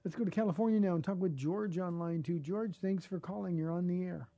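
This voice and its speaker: An older man hosting a call-in radio show as a pastor, gentle and encouraging, often restarting his words. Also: high voice, brisk, no room sound. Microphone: studio microphone.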